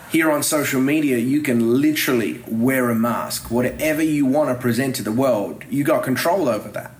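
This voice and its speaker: A man's voice: medium pitch, moderate pace, hardly any pauses, reverberant, slight background noise, rough recording. A man giving a recorded video sermon segment as pastor, with wry, self-mocking humor.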